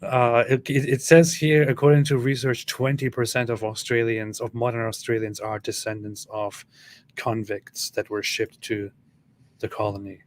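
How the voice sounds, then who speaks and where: A man's voice: mid-range voice, little pitch movement, normal speed. A man hosting a live stream, reading chat comments aloud in casual chat and laughing often.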